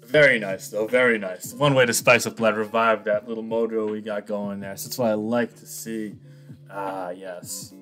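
A man's voice: on the low side, fairly even intonation, moderate pace, fairly bright tone, faint music behind. A young man giving casual, cocky commentary on his online game, teasing his opponent and laughing often. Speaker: gaming YouTuber.

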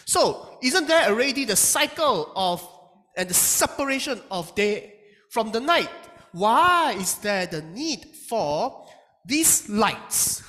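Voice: medium pitch, pushed and bright, long reverb tail. A Bible teacher giving a lecture, speaking emphatically and asking rhetorical questions, often with a tag question like "right?" at the end.

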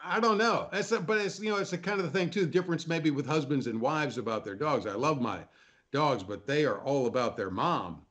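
An older man in casual chat, telling animated anecdotes and acting out the people in them. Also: on the high side, a little fast. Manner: animated anecdote teller, acts out quoted voices. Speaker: panel guest.

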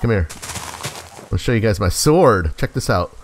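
Playing through his game, a gaming host keeps up casual let's play commentary, chatting with in-game animals and laughing often. His lowish voice is expressive and moves at a normal speed, with slight background noise.

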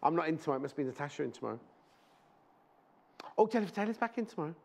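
A man's voice: on the high side, very animated, racing, creaky, a little mellow, a little hiss or hum. A man presenting a live shopping show in a TV studio, chatting in rambling anecdotes and speaking fondly to viewers.

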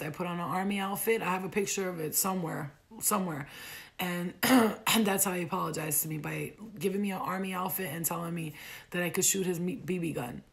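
A young woman from the United States spins a rowdy personal story, cursing a lot and laughing along. Her voice sits fairly low with a gravelly, fried edge. The talk is loose and full of slang. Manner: profane, animated, laughs often, heavy slang. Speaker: vlogger telling a personal story. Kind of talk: casual storytelling.

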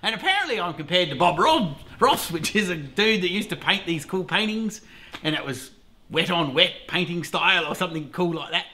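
A man's voice: high-pitched, expressive, fairly quick, bright, forceful tone, a little hiss or hum. A middle-aged Australian man hosting a casual beekeeping vlog, rambling along, swearing freely and laughing often. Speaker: beekeeper host.

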